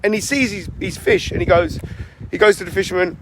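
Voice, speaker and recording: High-voiced man coaching in a loose monologue. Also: fairly quick. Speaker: fitness and business coach. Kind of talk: casual monologue.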